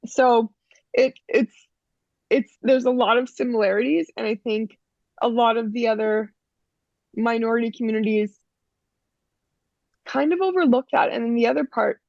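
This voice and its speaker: Frank, emphatic gravelly woman. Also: fairly high pitch, normal speed, pauses often, darkish tone, no room sound, muffled recording. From Canada. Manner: frank, emphatic, many restarts and "you know". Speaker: interview guest. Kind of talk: casual interview talk.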